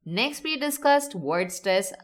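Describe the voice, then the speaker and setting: Lively woman teaching in an upbeat tone. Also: on the high side. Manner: lively, upbeat and instructive, stretching words out slowly for emphasis. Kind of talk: scripted educational narration.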